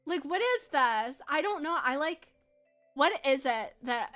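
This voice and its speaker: Bright-voiced, giggly young woman streamer. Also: high-pitched, lively intonation, unhurried, soft background music. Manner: chatty, giggly, lots of fillers. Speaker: game streamer. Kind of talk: casual chat while gaming.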